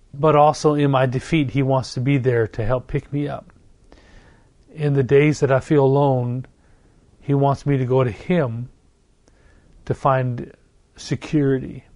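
A middle-aged man preaching a sermon, earnest and warm in his repetition, slowing down to stress each phrase. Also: medium pitch, no room sound. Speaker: pastor.

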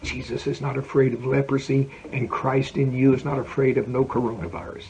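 A man preaching a folksy, animated sermon as pastor, with emphatic repetition. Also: mid-range voice, brisk, creaky, slight background noise, low-quality recording. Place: prayer center.

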